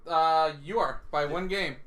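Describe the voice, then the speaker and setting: Casting: man, high bright voice, casual co-host, teasing, laughs a lot. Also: measured pace. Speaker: podcast co-host. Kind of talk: casual chat.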